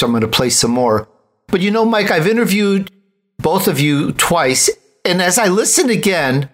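A man hosting an interview show, asking his guests questions in a lively, animated way with rising emphasis. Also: a little high. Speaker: talk show host.

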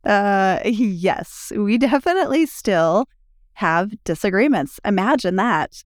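A middle-aged woman co-hosting a podcast in casual chat, bright and playful, slipping into a promotional tone at times. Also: mid-range voice, lively intonation, takes it slowly, no echo, studio quality. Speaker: podcast co-host.

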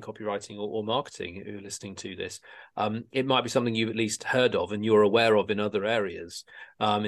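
A man co-hosting a podcast in casual chat, often halting and repeating words as he goes. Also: fairly low pitch. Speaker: podcast co-host.

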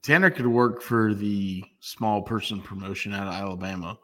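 A man with a fairly low voice co-hosts a casual podcast, rambling through stories and cracking self-deprecating jokes. His voice has a long reverb trailing behind it, as if the mic sits in a live room. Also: fairly even intonation, moderate pace, sharp tone, a little hiss or hum. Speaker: podcast co-host. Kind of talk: casual banter.

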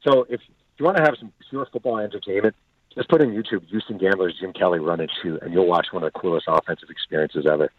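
A man's voice: deep voice, quick pace, no echo. A man, the author being interviewed, telling stories with energy and acting out the quotes of the people in them. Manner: animated storyteller acting out quotes. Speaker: author and guest. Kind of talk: storytelling interview answers. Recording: tinny phone-line audio, dry.

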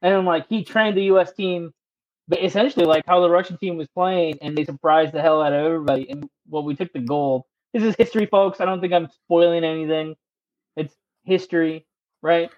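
Male podcast host, high voice, loose rambling chat with swearing, dull recording. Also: steady tone, fairly quick, darkish tone, no echo. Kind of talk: casual chat.

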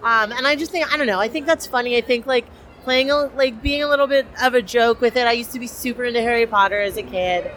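A woman's voice: fairly high pitch, quick pace, fairly bright tone, slight background noise. A young woman cosplayer, chatty and enthusiastic with many fillers, interviewed at a convention. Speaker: cosplayer guest.

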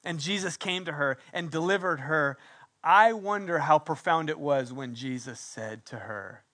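At an ordinary pace, a middle-aged pastor preaches passionately, his high voice bright and ringing. He rises into loud, insistent statements, then sinks to a quiet, intimate tone to draw listeners near, and that brightness gives his emphasis a sharp, carrying quality.

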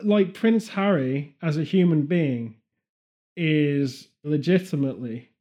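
A man's voice: fairly high pitch, slow, warm tone. A man hosting a podcast in a casual, jokey way with playful earnestness. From Britain. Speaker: podcast host. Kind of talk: casual comedic chat.

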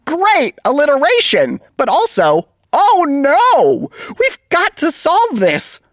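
A woman's voice: high-pitched, wildly swooping pitch, slow, no echo, clean studio sound, exaggerated voice. A woman playing Jimmy, a cheerful, cookie-loving male host who floats, with goofy, dramatic delivery in a kids' audio comedy. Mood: excitable. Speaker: podcast co-host.

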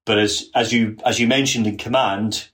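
A man's voice: on the low side, steady tone, moderate pace, a bit bright. Earnest man who repeats words while thinking. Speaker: podcast guest, author. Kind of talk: casual conversation.

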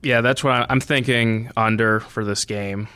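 A man co-hosting a podcast, giving his views on sports bets in a measured, slightly hesitant way. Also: medium pitch, fairly even intonation, bright, forceful tone, smooth, no echo. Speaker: podcast co-host. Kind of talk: casual sports betting chat.

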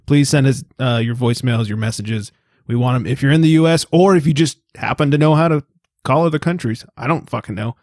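A man's voice: mid-range voice, steady tone, a little fast, darkish tone, no echo, studio quality. A man from the United States co-hosting a podcast in casual, crude, joking chat, swearing freely. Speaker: podcast co-host.

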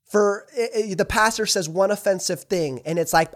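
A man's voice: sits high, fairly quick. A man hosting a faith podcast, talking directly and earnestly to listeners and acting out both sides of imagined conversations. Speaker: podcast host. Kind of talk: preachy podcast monologue.

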